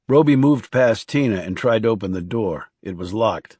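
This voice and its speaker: A man with a fairly low, husky voice narrates a scripted crime thriller audiobook, keeping his storytelling measured and even. The recording is dry, with clean studio sound.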